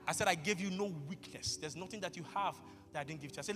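A man preaching with a high, bright voice that keeps jumping into shouts, acting out his talks with God. He sounds like he's in a big reverberant hall, with faint music behind him. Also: very fast. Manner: acts out dialogues with God. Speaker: pastor. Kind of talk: sermon.

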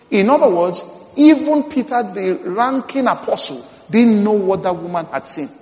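A man preaching a sermon, emphatic, repeating key phrases and swinging between loud and hushed delivery. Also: high-pitched, lively intonation, fairly quick. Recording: dull sound in a long-reverb hall.

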